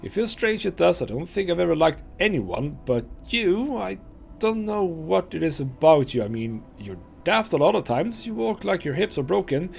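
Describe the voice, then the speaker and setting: A man's voice: high voice, sing-song, moderate pace, gravelly, soft background music, voice pushed up, exaggerated voice. A man voicing a prickly young woman thief who talks bluntly and tags sentences with "it does". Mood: earnest.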